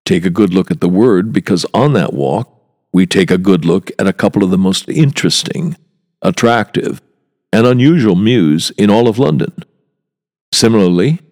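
A man's voice: lowish voice, moderate pace, a little mellow, long reverb tail. A man, a walking tour guide, hosting a podcast monologue in a wry, chatty way with rhetorical asides.

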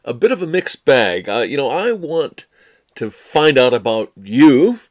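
Give me a chatty, playful male interviewer with a lively, bouncing pitch. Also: unhurried. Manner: chatty, playful, with frequent backchannels. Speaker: podcast host interviewing a tour guide. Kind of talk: casual interview chat.

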